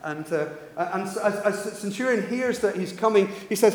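A man preaching a sermon, retelling stories with animated delivery and frequent restarts. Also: sits high, normal speed, few pauses. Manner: animated storytelling, repeats and restarts words. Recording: echoey hall, reverb.

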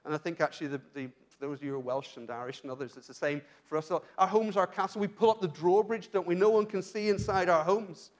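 Man, British preacher, high voice, earnest, rhetorical questions, church sermon. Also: fast talker, hardly any pauses. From Britain. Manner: earnest, asks rhetorical questions, frequent restarts. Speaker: pastor.

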